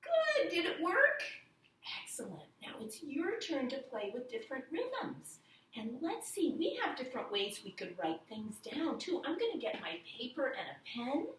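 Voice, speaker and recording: A woman's voice: high voice, big pitch swings, moderate pace, far from the mic, slight background noise. A woman teaching young children rhythm at home, chanting and counting the beats in a sing-song way. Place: at home, indoors. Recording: echoey room, voice a little off-mic.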